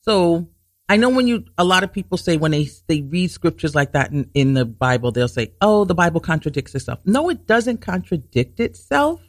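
A man hosting a Bible teaching talk show, explaining scripture earnestly, restarting sentences to stress his points and reading verses slowly. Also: a little high, sing-song, no room sound, studio quality. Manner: reads scripture slowly and deliberately.

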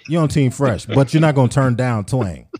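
A man's voice: mid-range voice, animated, moderate pace, background noise. A man hosting a casual podcast chat, teasing his co-hosts and laughing often. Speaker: podcast host.

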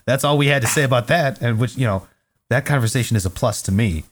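A man's voice: medium pitch, quick pace. A young man co-hosting a podcast, telling stories in a laid-back, teasing way with plenty of swearing. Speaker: podcast co-host. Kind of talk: casual podcast banter.

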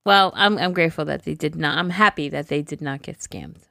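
A woman co-hosting a casual podcast, reacting to stories with animated comments and frequent laughter. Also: low-pitched, brisk, creaky, no room sound, studio quality. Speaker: podcast co-host.

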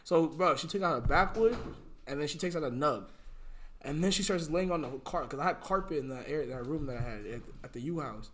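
A man's voice: fairly high pitch, expressive, a little fast, a bit bright. A young man, a podcast guest, telling a story in casual slang, keeps saying "bro" and breaks into laughing fits.

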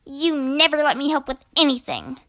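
A woman's voice: a little high, takes it slowly, pushed and bright, full character voice. A woman voicing a well-meaning, sulky duck in a children's storybook, speaking plaintively. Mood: wailing.

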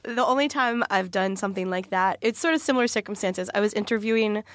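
A woman's voice: medium pitch, quick pace, fairly bright tone, dry recording. A woman in her thirties co-hosting a podcast, chatting earnestly and laughing often. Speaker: podcast co-host. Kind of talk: casual chat.

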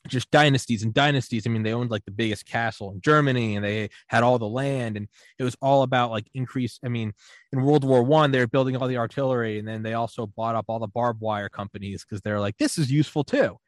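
A man telling a long story in casual podcast chat, rambling with many fillers and quick laughs. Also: medium pitch, steady tone, no echo. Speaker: podcast co-host.

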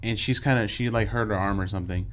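A man's voice: lowish voice, steady tone, fast talker. A man co-hosting a casual wrestling chat, telling stories and acting out what people said. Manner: chatty storyteller, acts out quotes. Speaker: podcast co-host.

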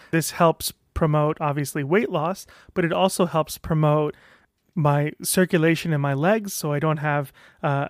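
Frank, rambling male vlogger; plain voice a touch high, close and dry. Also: no echo. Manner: rambling, restarts often, frank with mild profanity. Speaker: vlogger sharing his own experience. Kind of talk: casual talk to camera.

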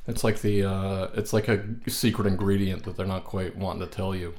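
Playful deep-voiced man. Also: fairly even intonation, brisk, a little mellow. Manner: playful, jokey, mock voice-over reads. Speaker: podcast co-host. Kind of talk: casual chat.

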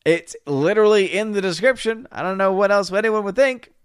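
A young man hosting a livestream, reading viewer comments aloud and answering them with laughs and quick retorts. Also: high voice, clean tone, dry recording, clean studio sound. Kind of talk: casual livestream chat.

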